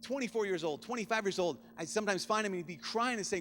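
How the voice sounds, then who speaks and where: A man in his thirties, a priest, giving a youth conference keynote, telling a personal story earnestly, often hushed and rising with feeling. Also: high-pitched, lively intonation, quick pace, a little hiss or hum.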